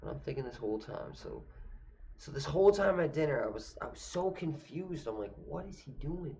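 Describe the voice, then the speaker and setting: A man's voice: medium pitch, expressive, brisk, creaky, darkish tone, a little hiss or hum. A young man telling a funny personal story casually, rambling and cursing. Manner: rambling, profane, lots of fillers and restarts. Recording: dull lo-fi recording.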